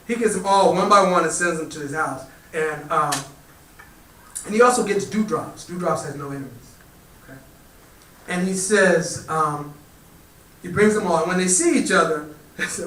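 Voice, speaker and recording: A man, a community spiritual teacher, telling a parable to a live gathering in a relaxed storytelling way. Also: high voice, normal speed, slight background noise. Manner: relaxed storytelling, lively quoted animal voices. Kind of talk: storytelling talk to a live audience. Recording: roomy echo, voice from far off the mic.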